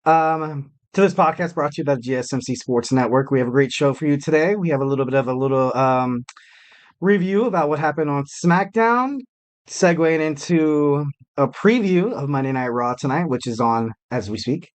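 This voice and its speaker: A man's voice: on the high side, normal speed. A man hosting a solo podcast, talking casually in a rambling, self-deprecating way with lots of fillers. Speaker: podcast host.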